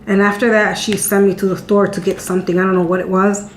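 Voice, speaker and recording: In an echoey space with a faint hum, a woman in her thirties chats with viewers at a quick pace, her medium-pitched voice showing little pitch movement. As a vlogger answering questions, she tells a personal story candidly and chattily, repeating words along the way.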